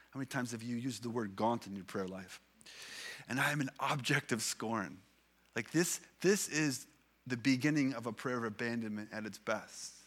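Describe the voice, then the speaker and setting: Earnest guy preaching, bright tense voice, slows way down for scripture. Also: medium pitch. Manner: earnest, building emphasis with repeated phrases. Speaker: pastor. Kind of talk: sermon.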